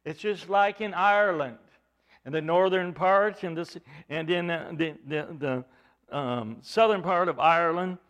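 A man preaching a sermon, expressive, swelling loud at times and dropping soft at others. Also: a little high, normal speed. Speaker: pastor.

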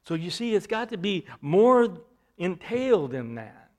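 A man's voice: sits high, big pitch swings, measured pace. A man preaching a sermon, teaching from scripture in an emphatic way, with bursts of volume.

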